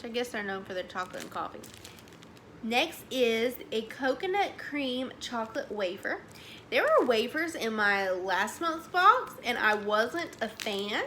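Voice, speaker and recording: A young woman, chatting excitedly as she reviews snacks, saying "y'all" a lot. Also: fairly high pitch, a little slow, slight background noise. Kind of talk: casual chat.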